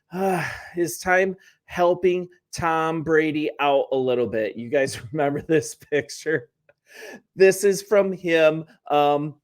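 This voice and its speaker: A man hosting a sports channel, talking casually to the camera in a chatty, wry way with joking asides and self-corrections. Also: a little high.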